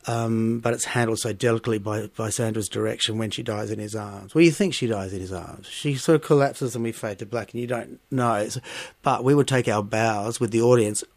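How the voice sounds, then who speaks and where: A middle-aged man with an Australian accent recalls his stage career as an interview guest. He tells his stories expressively and lifts into animated bursts when something amuses him. The recording is dry and close, with no room sound. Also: fairly low pitch, fairly quick, no echo. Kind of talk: interview conversation.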